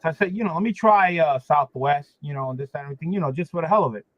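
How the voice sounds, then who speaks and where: Animated man grumbling on a dull lo-fi stream. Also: on the high side, rapid-fire, no room sound. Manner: animated, emphatic complaining with repeated fillers. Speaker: livestream host. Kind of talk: casual chat. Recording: dull lo-fi sound.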